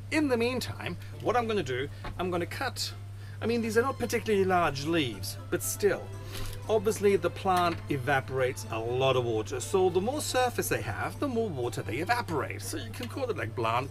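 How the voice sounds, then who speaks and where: A man's voice: high voice, very animated, normal speed, faint music behind. A man hosting a gardening video outdoors in his garden, chatting casually through a how-to with self-mocking asides.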